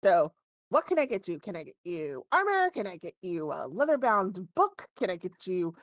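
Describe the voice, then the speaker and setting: A woman's voice: mid-range voice, big pitch swings, normal speed, no echo, natural voice. A woman voicing a small male gnome who runs a leather shop, chatty and amused. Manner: chatty, laughs to himself.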